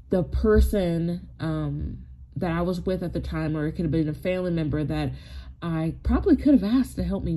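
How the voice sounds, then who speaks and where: A woman's voice: lowish voice, dark tone. A woman in her forties, tearful and close to crying, telling a rambling personal story with many likes and you knows. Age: 40s. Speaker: spiritual wellness vlogger.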